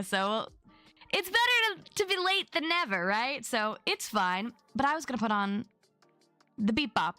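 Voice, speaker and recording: A woman's voice: on the high side, big pitch swings, a little slow, bright, forceful tone, dry recording, faint music behind. A young adult woman chatting casually on her live stream, bubbly and chatty as she greets viewers by name.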